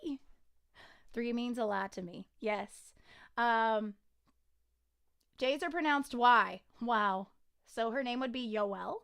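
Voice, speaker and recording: A woman singer-songwriter chatting casually on a livestream, excitable and rambling, with frequent giggles. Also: fairly high pitch, slow pace, creaky, long pauses, clean tone.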